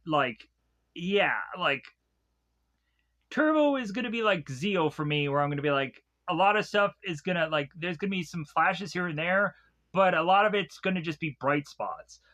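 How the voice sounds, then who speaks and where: High, lively, bright-voiced man rambling. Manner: rambling, laughs often, swears freely. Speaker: episode reviewer. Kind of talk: casual recap and commentary.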